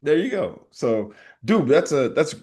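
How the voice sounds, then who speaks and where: A man's voice: fairly high pitch, very animated, a little slow, a little mellow, husky. A man co-hosting a podcast in casual banter, reacting to his partner and riffing with mock impressions. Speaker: podcast co-host. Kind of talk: casual chat.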